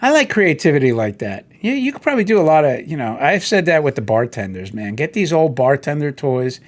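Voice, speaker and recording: Animated rambling man, lively pitch. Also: brisk. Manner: rambling, animated storytelling with quoted voices. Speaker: host. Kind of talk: casual solo chat while browsing toy listings.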